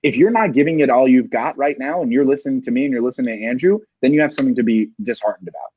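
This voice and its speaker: Male sales coach guest, emphatic and motivational, husky voice, dry muffled audio. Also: mid-range voice, racing. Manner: emphatic, rhetorical "right?" tags. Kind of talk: motivational interview talk.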